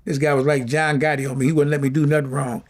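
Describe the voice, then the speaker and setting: A man's voice: a little high, little pitch movement, fast. A middle-aged man, talking casually and from the heart as an interview guest, often repeating himself. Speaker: former boxing champion, guest.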